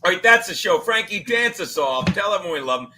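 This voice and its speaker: A man hosting a loose live show, joking loudly and swearing freely as he banters with guests. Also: sits high, expressive, fast talker, very noisy. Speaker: host.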